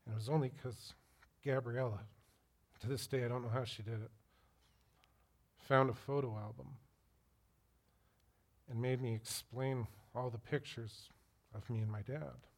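A man's voice: medium pitch, steady tone, a little slow, pauses often. A middle-aged man preaching a sermon as pastor, telling personal stories and putting direct questions to his listeners.

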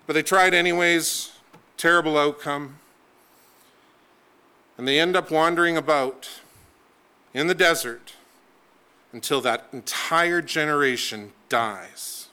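A male preacher delivering a sermon in a fairly high voice that is forceful and crisply clear. He tells the story dramatically, pressing hard on key words and shifting his pace for effect. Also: measured pace, long pauses.

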